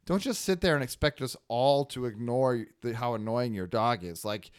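Podcast co-host, male, from Northern California, smooth resonant voice, dry close sound, loose jokey chat. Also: medium pitch, normal speed, no room sound. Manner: bursts into loud exaggerated character voices. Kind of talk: casual comedic chat.

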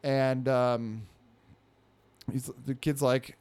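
A man's voice: medium pitch, little pitch movement, extremely slow, a little mellow, smooth. A man telling a story in casual chat, rambling with lots of fillers. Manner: rambling, filler-heavy, acts out quotes in a raised voice.

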